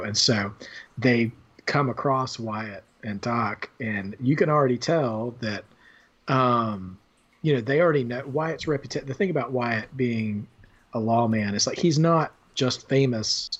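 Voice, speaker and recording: A man with a husky, slightly breathy voice talks casually about a favorite film, rambling and restarting his sentences as he goes. The recording sounds dull and lo-fi. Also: medium pitch, fairly bright tone. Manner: rambling, many fillers and restarts, quotes lines with a laugh. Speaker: podcast co-host.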